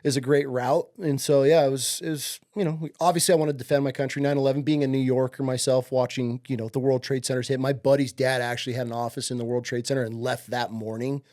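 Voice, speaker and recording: A man's voice: medium pitch, flat delivery, quick pace, hardly any pauses, darkish tone. A man in his forties from upstate New York, a podcast guest telling stories in casual chat. He swears freely and acts out the people in his stories. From upstate New York, USA. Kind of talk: casual storytelling.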